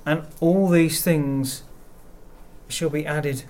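A man giving a sermon, speaking in a measured way and reading verses aloud. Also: a little high, fairly even intonation, a little mellow. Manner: slow, measured delivery with verses read aloud. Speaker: preacher.

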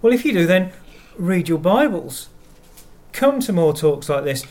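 A man giving a sermon, speaking in a measured way and reading verses aloud. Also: high-pitched, very animated, a little mellow. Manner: slow, measured delivery with verses read aloud. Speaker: preacher.

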